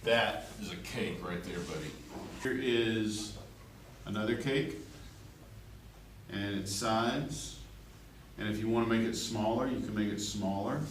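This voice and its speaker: This art teacher's voice sits on the low side and moves a little slowly. He chats, jokes, demonstrates a drawing, and checks in with his students, recorded distantly in an echoey classroom with faint room noise.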